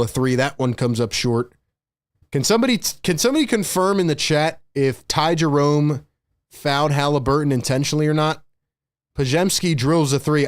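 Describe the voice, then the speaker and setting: A young man doing excited live play-by-play commentary as a stream host, breathless and excitable, talking straight to his chat. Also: medium pitch.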